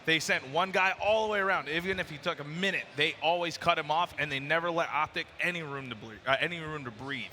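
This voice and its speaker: A man working as an esports analyst, giving an animated play-by-play recap of the match. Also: fairly high pitch, fast, few pauses, in a large hall, slight background noise. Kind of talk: analysis desk chat.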